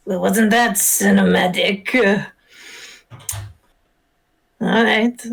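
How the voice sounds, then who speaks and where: Giggly, gravelly-voiced woman player. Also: fairly high pitch, fairly bright tone. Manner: giggly, flustered, playful. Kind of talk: playing a tabletop game.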